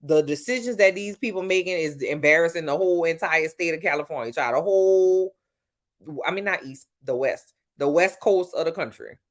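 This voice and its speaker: A woman's voice: fairly low pitch, moderate pace. A woman with a New Orleans accent chatting casually with her livestream viewers, talkative and blunt, calling people "child" and "baby". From New Orleans, USA. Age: adult with grown-up sons. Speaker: livestream host.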